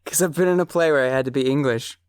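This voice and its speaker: A woman's voice: a bass voice, fast, darkish tone, smooth, no room sound. A woman co-hosting a casual comedy podcast, giggling often and reading reviews aloud. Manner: giggly, reads reviews aloud with playful attempts at accents. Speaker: podcast co-host.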